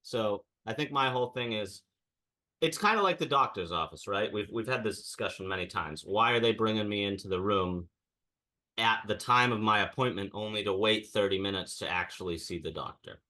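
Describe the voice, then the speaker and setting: Deep, bright-toned man ranting. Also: a little fast. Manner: ranting storyteller, mimics people he quotes. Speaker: podcast co-host. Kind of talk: casual chat.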